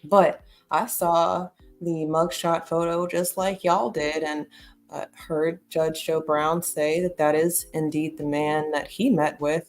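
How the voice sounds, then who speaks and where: A woman's voice: on the low side, a little slow, soft background music. A woman hosting a casual commentary, talking bluntly and emphatically with lots of profanity. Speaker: commentary host.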